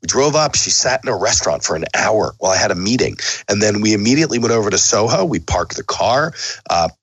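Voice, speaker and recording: A man's voice: lowish voice, lively intonation, quick pace, a bit bright, breathy edge, dry recording, poor audio. A man hosting a podcast, talking casually and bluntly with some swearing, his voice sick and sniffly. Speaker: podcast host. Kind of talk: casual sign-off monologue.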